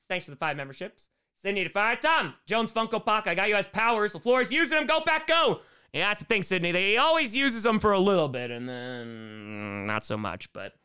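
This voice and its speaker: A young man live-streaming a football game, calling the plays and reading out viewer messages, excitable and loud at big moments. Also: high voice, clean tone. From United States. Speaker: sports streamer and comedian. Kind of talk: live play-by-play and chat reading.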